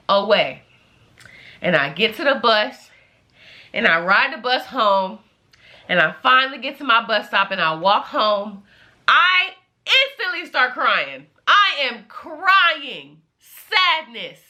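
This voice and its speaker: A young woman vlogger telling a casual storytime, animated and slangy, swearing freely and talking straight to her viewers. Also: sits high. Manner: addresses viewers directly.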